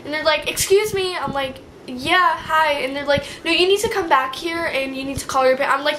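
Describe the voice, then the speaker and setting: A young woman vlogger telling a story in a casual, animated, slangy way, acting out what people said. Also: high-pitched, brisk, hardly any pauses, a little hiss or hum, low-quality recording. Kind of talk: storytime vlog. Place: indoor room.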